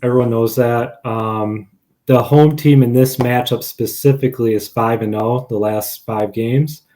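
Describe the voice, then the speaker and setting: A man's voice: mid-range voice, steady tone, unhurried, dark tone. Confident male sports podcast co-host. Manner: confident, lists stats, wry asides. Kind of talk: casual sports betting chat.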